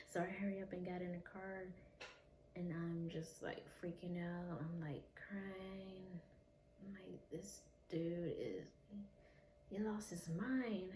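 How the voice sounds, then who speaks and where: A woman vlogger candidly recounting a painful personal story, emotional and blunt, with occasional swearing. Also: fairly low pitch. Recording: echoey room with noisy ambience.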